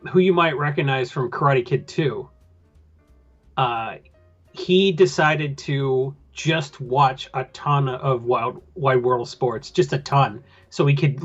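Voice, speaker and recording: Male podcast host, loose casual rambler, mid-pitched, slightly muffled recording. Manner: rambling, loose with filler words. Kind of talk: casual chat.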